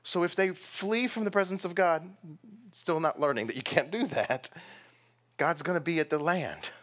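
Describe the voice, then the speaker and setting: A man's voice: fairly high pitch, expressive, normal speed, a bit bright. A man preaching a sermon as pastor, talking casually, laughing now and then and stressing some words strongly. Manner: conversational preaching with laughs and sudden bursts of emphasis.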